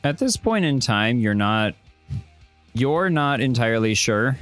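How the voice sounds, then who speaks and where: A man narrating a tabletop game as game master on a podcast, telling the scene in a descriptive, animated way. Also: medium pitch, a little slow, faint music behind.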